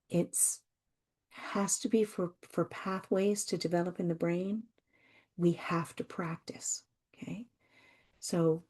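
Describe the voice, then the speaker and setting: A woman hosting a self-help podcast, talking gently and reassuringly and repeating her phrases. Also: lowish voice, slightly rough. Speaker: podcast host.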